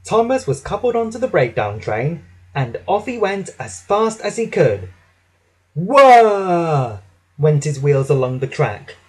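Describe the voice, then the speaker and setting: A man reading a children's story aloud with an expressive storytelling delivery. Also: a little high, moderate pace, slightly rough, rough recording. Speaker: storybook reader.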